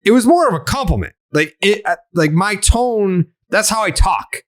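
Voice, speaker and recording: Man, podcast host, high voice, profane animated ranting, casual sports talk. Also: normal speed.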